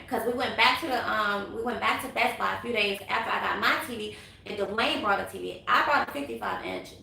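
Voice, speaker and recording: A young woman, telling a story to her viewers in a casual, animated vlog. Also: medium pitch, creaky. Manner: animated, chatty, quick asides to viewers. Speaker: vlogger. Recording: echoey room.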